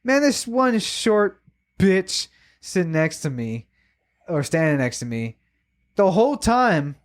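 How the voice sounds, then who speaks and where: A man co-hosting a podcast, telling a story in casual chat, emotional and animated, swearing a lot. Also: fairly high pitch, slow pace, clean tone. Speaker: podcast co-host.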